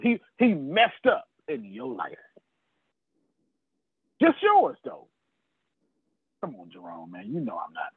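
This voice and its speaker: A man's voice: on the high side, husky, dry recording. A man, teaching sales like a fiery preacher, calling out listeners by name and swearing freely. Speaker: sales trainer. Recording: tinny phone-like video call audio.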